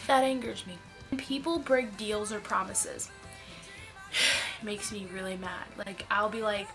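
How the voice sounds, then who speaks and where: A woman's voice: a little high, measured pace, music in the background. Chatty young woman vlogger with a sore throat. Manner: chatty, animated storytelling with many "like"s. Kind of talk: casual chat to camera.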